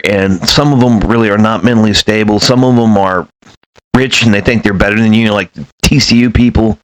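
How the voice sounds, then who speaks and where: A man's voice: fairly low pitch, rough recording. A man telling stories in a casual, rambling monologue, blunt and profane, with many fillers. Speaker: former self-storage manager.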